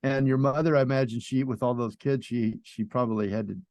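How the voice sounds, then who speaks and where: An enthusiastic man hosts an interview and asks curious, friendly questions. His voice sits at a middle pitch. The recording is dry, with no room echo. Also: steady tone, a little fast, darkish tone. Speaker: podcast host. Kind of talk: casual interview chat.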